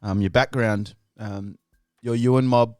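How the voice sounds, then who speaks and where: A man's voice: mid-range voice, fairly even intonation, slow pace, darkish tone, smooth, no room sound, clean studio sound, faint music behind. A male radio host interviewing a guest in a chatty manner, laughing easily.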